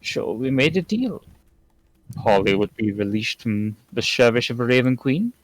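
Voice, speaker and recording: A man narrating a tabletop game as game master, in a measured, formal way. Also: mid-range voice, big pitch swings, low-quality recording.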